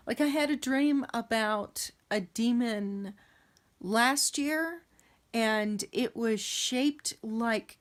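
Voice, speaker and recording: A woman telling a story about a dream in a casual, rambling way, with many pauses and restarts. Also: on the high side. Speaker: vlogger recounting dreams. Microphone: camera.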